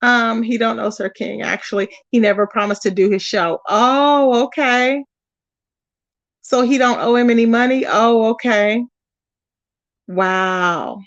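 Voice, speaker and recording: On a lo-fi recording with no echo, a YouTube live host with a fairly high voice speaks unhurriedly. She chats animatedly with viewers during a casual stream, reading their comments aloud and calling them "y'all" and "child."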